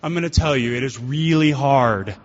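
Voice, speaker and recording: A man's voice: mid-range voice, moderate pace. Guy telling his story at a meeting, frank and self-mocking, dull muffled sound, big room echo. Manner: candid, self-deprecating storyteller. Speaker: guest speaker at a recovery meeting. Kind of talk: personal recovery talk to a group. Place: meeting hall. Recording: dull lo-fi hall recording.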